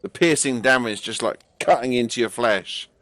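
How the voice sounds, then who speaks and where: A man, tired and hoarse, narrating a tabletop game as game master with casual swearing. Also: mid-range voice, normal speed, no echo. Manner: swearing, laughing, lively with put-on character shouts.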